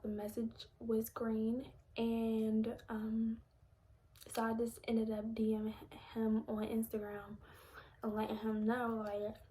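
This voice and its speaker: A woman's voice: a little high, a little mellow, slight background noise. A young woman telling a personal story to her viewers, often half-whispering and holding back tears. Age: young adult. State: close to crying. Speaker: vlogger.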